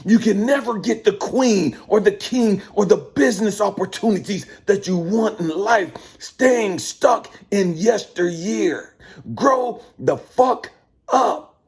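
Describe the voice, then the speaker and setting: A man's voice: high voice, a little slow, vocal fry, few pauses, a little mellow, husky. A middle-aged man hosting his channel, delivering a profane, preachy monologue with heavy emphasis. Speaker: channel host. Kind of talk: ranting monologue.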